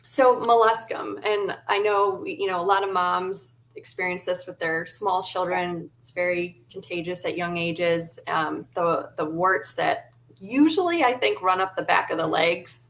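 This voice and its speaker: A woman's voice: on the low side, a little slow, a bit bright. Chatty woman interviewer, hesitant. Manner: friendly, hesitant with many ums. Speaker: interviewer, store host. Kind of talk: conversational interview.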